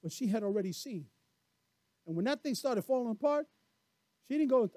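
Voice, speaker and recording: A male pastor preaching a lively sermon, telling stories and acting out voices as he goes. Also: very high-pitched, moderate pace, dry recording. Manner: animated storyteller, acts out voices, laughs often.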